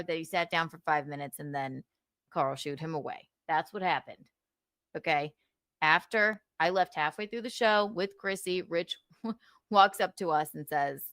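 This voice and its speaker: A woman's voice: fairly low pitch, moderate pace, a bit bright, no echo, studio quality. A woman in heated casual podcast chat, retelling a story in a profane, defensive and rambling way.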